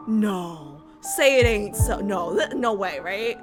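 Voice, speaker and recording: A young woman streamer commenting on a game, giggly and excitable. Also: mid-range voice, slow, hardly any pauses. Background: game music.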